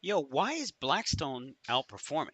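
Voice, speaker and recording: A man's voice: a little high, big pitch swings, measured pace, sharp tone, no room sound. A man hosting a live trading stream, talking through charts in loose, profane, joking banter.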